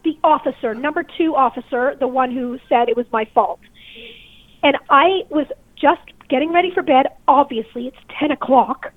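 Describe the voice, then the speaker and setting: A woman's voice: high-pitched, moderate pace, dry recording. Upset woman caller on a tinny phone line. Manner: upset, tearful storytelling. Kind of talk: telling a personal story to a radio host. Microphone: telephone.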